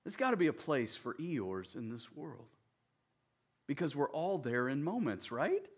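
A man delivers a sermon at an unhurried pace, his voice sitting a little high for a man. He speaks plainly and conversationally, often checking in with his listeners through short asides. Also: big pitch swings, slightly rough. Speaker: pastor.

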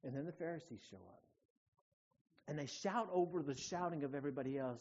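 A male pastor preaches in an animated storytelling way, swinging from hushed to loud. His voice sits a bit higher than most men's. The recording sounds dull and lo-fi. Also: fast talker. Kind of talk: sermon.

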